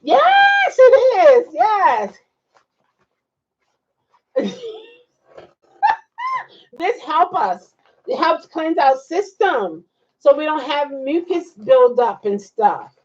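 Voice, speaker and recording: A woman's voice: high-pitched, sing-song, drawn-out words, long pauses, dull audio. A woman hosting a casual livestream, chatting and reacting to viewer comments with frequent laughs. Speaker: livestream host.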